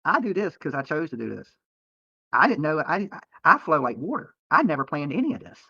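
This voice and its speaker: A man's voice: fairly high pitch, very animated, brisk, creaky, pushed and bright, slightly rough, no room sound, lo-fi sound. A man streaming live from a roadside near a protest, talking to viewers in a profane, rambling and defensive way, often tacking on "okay?". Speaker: livestreamer. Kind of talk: livestream rant to viewers.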